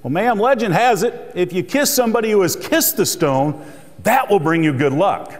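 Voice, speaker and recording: A man's voice: high voice, lively intonation, normal speed. A man doing a polite, wry tour guide. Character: quick-witted male tour guide. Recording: reverberant hall.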